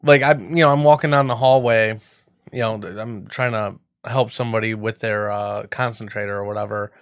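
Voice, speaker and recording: A man co-hosting a radio talk show, his voice smooth and clear. His banter is loose and profane, with laughs running through it. The mic sounds dry and close, with no room around him. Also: lowish voice, steady tone, a little fast, no echo. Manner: loose, swearing, laughs often. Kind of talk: casual banter.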